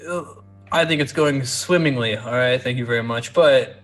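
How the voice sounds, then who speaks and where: Male player, mid pitch, relaxed joking game chat. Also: normal speed, soft background music. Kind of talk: casual tabletop game chat.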